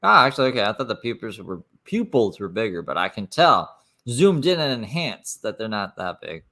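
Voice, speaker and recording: A man's voice: on the low side, sing-song, normal speed, pushed and bright. A man hosting a stream, commenting on a clip in a sarcastic, blunt way and swearing. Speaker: stream host reacting to a clip. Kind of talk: reaction commentary.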